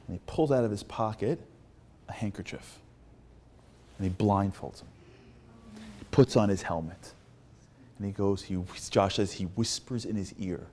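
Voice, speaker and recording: A male motivational speaker tells a story to a crowd. He performs every exchange in the tale himself, dropping to a near whisper and then climbing to loud, excited questions aimed at the audience. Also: lowish voice, brisk, long pauses, a little hiss or hum. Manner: acts out dialogue, swings from hushed to loud and animated. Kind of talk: storytelling talk to a live audience.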